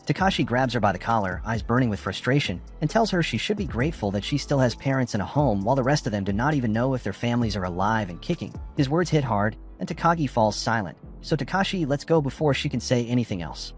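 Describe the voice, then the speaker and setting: A man's voice: mid-range voice, expressive, quick pace, few pauses. A man narrating an anime plot recap in a scripted storytelling style. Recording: faint background music.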